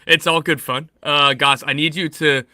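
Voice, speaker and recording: A man's voice: a little high, fairly even intonation, moderate pace, bright, forceful tone, no room sound, clean studio sound. A young man co-hosting a casual live-streamed chat, joking and laughing easily. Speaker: podcast co-host.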